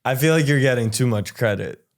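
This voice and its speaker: A man's voice: medium pitch, animated, a little fast. A man hosting a casual chat, teasing his guest with short questions. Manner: teasing, brief interjections. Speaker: podcast host.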